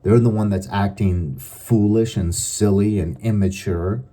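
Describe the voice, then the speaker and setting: A middle-aged man giving advice in a calm, measured, deliberate monologue. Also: on the low side. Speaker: advice vlogger.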